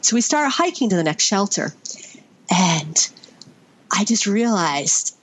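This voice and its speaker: A woman's voice: medium pitch, very animated, a little slow, slightly rough. A middle-aged woman from Vermont, a podcast guest, telling a story in a rambling, fond way with many fillers. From Vermont, USA. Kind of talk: conversational storytelling.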